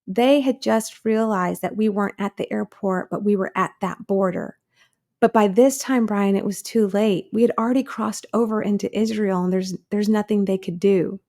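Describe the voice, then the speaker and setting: This interview guest, an American woman in her thirties, has a mid-range, dark-toned voice and speaks at a moderate pace. She recounts her own story earnestly, voicing the people she quotes.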